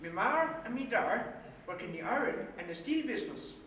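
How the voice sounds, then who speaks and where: A man's voice: extremely high pitch, very animated, moderate pace, a bit bright, slight background noise, heavily acted. A man playing a cheeky young Irish navvy with an Irish accent, teasing on a live stage. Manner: cheeky, teasing, laughs easily. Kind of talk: live amateur stage acting. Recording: echoey hall recording from far off.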